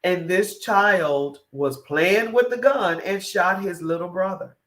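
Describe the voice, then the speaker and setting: Speaking slowly in a fairly low voice, this woman hosts a morning talk show. Her monologue is opinionated, forceful, and repetitive, packed with rhetorical questions.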